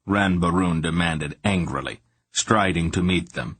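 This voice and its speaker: Deep husky male audiobook narrator. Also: normal speed, fairly bright tone, no room sound.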